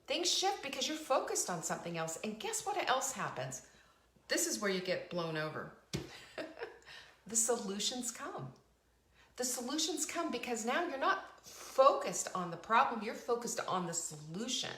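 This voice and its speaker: Animated woman giving a motivational talk. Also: on the high side, moderate pace, reverberant. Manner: emphatic, preachy, repeats phrases, asks the audience questions. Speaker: show host. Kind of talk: motivational talk to a live online audience.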